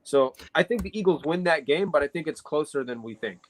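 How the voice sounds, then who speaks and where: A man's voice: on the high side, expressive, brisk, crowd noise, low-quality recording. A man co-hosting a casual sports podcast, analyzing football matchups at length with frequent fillers. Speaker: podcast co-host.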